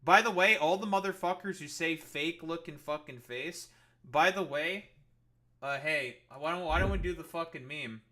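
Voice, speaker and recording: A man's voice: a little high, normal speed, bright, forceful tone. A man streaming live, arguing with his chat in a profane, combative and mocking way. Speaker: political streamer. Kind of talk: livestream argument with chat.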